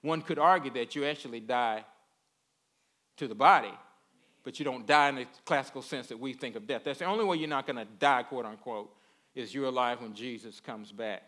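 A man's voice: mid-range voice, a little fast, a bit bright. A man giving a conversational sermon in a folksy way. He repeats words and keeps checking in with his listeners. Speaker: preacher.

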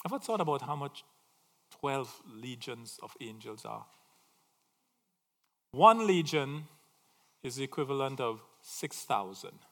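A man preaching a sermon, swinging from loud emphatic phrases to quiet asides. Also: medium pitch, big pitch swings, a little slow, long pauses, long reverb tail.

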